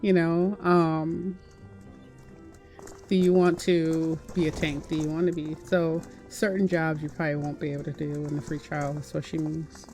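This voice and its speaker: A woman's voice: deep voice, little pitch movement, normal speed, darkish tone, faint music behind. A woman in her forties chatting casually with her stream chat while gaming, giggly and explaining things to viewers. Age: 40s. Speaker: game streamer.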